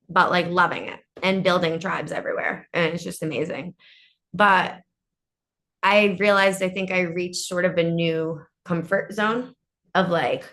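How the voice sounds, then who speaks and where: Woman, co-host, casual chat, low-pitched, bright edgy tone, hoarse from losing her voice, rambling. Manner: chatty, laughs often, swears casually. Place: hotel room.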